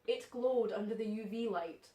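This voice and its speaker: A woman's voice: a little high, moderate pace, warm tone, roomy sound, distant mic. A young woman co-hosting a podcast, telling a story in casual chat and often laughing as she talks. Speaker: podcast co-host.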